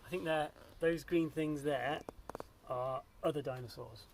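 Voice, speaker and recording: A man, a primary school teacher, reading a picture book aloud to a child in a gentle, expressive way and asking the child questions as he goes. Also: fairly high pitch, measured pace, vocal fry, slight background noise.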